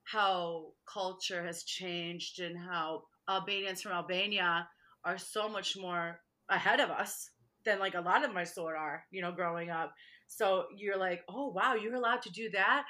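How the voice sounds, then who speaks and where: Bright-voiced chatty woman guest. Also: on the low side, fairly even intonation, unhurried. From Michigan, USA. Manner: chatty, laughs often, acts out quotes. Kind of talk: casual interview chat.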